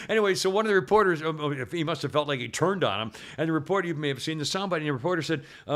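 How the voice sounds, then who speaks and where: A man's voice: high voice, quick pace, few pauses, fairly bright tone. A rambling talk radio host, a man with a slightly raised voice. He drifts between sponsor plugs and sarcastic political gripes, leaning into mocking mimicry. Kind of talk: casual talk radio chat.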